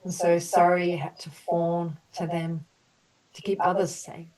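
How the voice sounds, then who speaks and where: A woman leading an online group healing session, slowly offering soothing apologies and then explaining in a loose, chatty way. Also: fairly low pitch, little pitch movement, a little mellow, far from the mic, poor audio. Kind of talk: guided emotional healing session.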